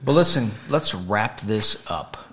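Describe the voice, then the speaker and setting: A man's voice: fairly low pitch, expressive, takes it slowly, fairly bright tone. A man hosting a casual tasting chat, joking and swearing with friends. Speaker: host.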